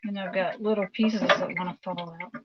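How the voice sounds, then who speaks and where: A woman's voice: lowish voice, fairly even intonation, moderate pace, a bit bright, lo-fi sound. A middle-aged woman chatting casually as she cooks in her home kitchen, rambling and answering viewer comments on her phone livestream. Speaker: livestream host. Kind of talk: casual chat while cooking.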